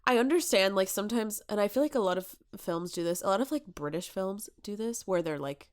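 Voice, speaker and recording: A young woman in her twenties on a casual podcast, talking in an animated way. She keeps acting out her own reactions as she talks. Her voice sits at an ordinary middle pitch for a woman. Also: a little fast. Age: 20s. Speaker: podcast co-host. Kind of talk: casual chat.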